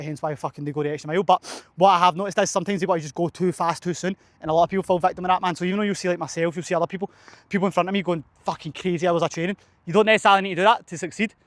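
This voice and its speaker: A man's voice: sits high, no room sound. A young man, a fitness coach, chatting casually and swearing a lot outdoors at a cold running track, out of breath after a session. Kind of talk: casual vlog chat.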